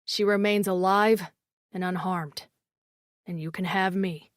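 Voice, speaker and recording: A woman voicing a dangerous, protective male alien fire warrior in an audiobook, with a low, growling, hoarse voice. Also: steady tone, a little slow, no echo, studio quality, natural voice. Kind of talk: audiobook character voice.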